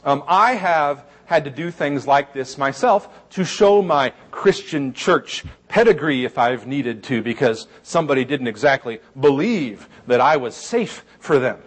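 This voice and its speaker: A man's voice: mid-range voice, expressive, a little slow, few pauses. A man preaching a sermon in a conversational, wry way with dry humor. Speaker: pastor.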